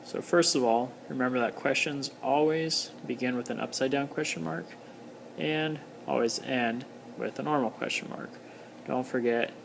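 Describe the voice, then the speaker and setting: A man's voice: medium pitch, vocal fry, fairly bright tone, a little hiss or hum, low-quality recording. A man giving a casual recorded lesson, explaining step by step with many ums and uhs. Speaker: teacher.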